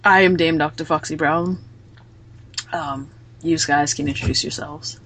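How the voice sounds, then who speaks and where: A woman hosting a casual podcast, retelling scenes quickly and with animation. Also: low-pitched, steady tone, fairly bright tone, a little hiss or hum. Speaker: podcast host.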